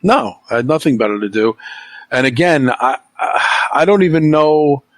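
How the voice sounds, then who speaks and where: A man's voice: mid-range voice, lively intonation, normal speed, fairly bright tone, no room sound. Podcast host, male, heated profane rant, dry close sound. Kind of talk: casual chat.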